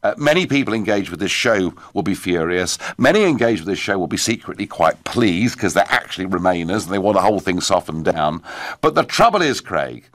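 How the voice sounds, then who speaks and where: A British man hosts a talk radio phone-in, his pitch rising and falling a great deal as he presses each point. He is emphatic and forceful, and his studio mic sounds dry and close. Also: a little fast, dry recording. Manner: forceful, emphatic, lively delivery. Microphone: studio microphone.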